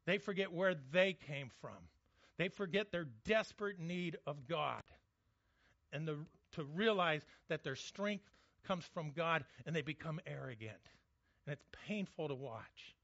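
A man's voice: a little high, a little slow, creaky, fairly bright tone, dry recording, lo-fi sound. A man preaching a sermon in a conversational, joking way, often restarting his words. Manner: conversational, jokey, frequent restarts. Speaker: pastor.

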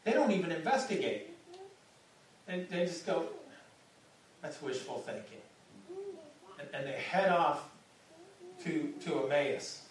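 A man's voice: fairly high pitch, very animated, measured pace, pauses often. A man preaching a sermon in a conversational way, often repeating words as he starts a phrase. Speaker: pastor. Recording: echoey hall, distant mic.

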